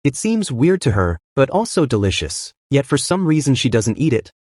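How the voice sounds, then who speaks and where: A man's voice: medium pitch, big pitch swings, moderate pace, darkish tone, no echo. A man narrating a story recap in a casual, chatty way, tossing in asides about what he doesn't understand. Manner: chatty, admits confusion with asides.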